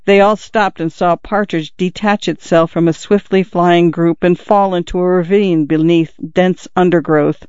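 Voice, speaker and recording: A man narrating a classic short story in a measured, even storytelling manner. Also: high voice, clean tone, no room sound, highs cut off.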